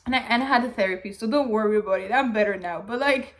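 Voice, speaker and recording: A woman's voice: a little high, fast talker. A woman chatting casually to her channel in a rambling, candid way, full of "like" fillers and swearing, at times getting emotional. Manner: swears freely; emotional, gets teary. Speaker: vlogger. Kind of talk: casual chat.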